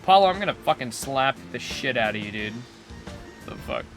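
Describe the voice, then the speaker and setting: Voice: mid-range voice, lively intonation, fairly quick, fairly bright tone, faint music behind. A streamer casually commenting while playing a game, joking and crude.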